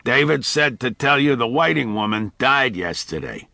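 A man's voice: medium pitch, very animated, normal speed, gravelly, bright, forceful tone, no echo, studio quality, exaggerated voice. A man voicing a blunt, insistent older father passing on news.

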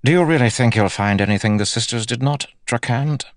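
A man voicing a proud, disdainful male guard captain in an audiobook, pitching his voice higher and sounding skeptical. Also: fairly quick, no room sound, clean studio sound, close to an everyday voice. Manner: cool and skeptical.

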